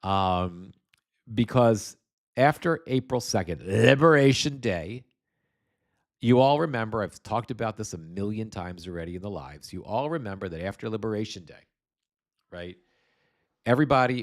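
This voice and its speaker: A man from the United States with a somewhat low voice hosts a political commentary livestream. He rambles, swears freely and speaks bluntly. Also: animated, moderate pace. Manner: rambling, blunt and heavily profane. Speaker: host.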